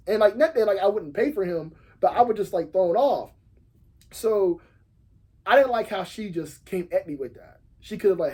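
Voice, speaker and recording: A husky man tells a story on a podcast, slipping into the voices of the people in it. His delivery is loose and animated, and he swears freely. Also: high voice, a little fast. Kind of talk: casual storytelling.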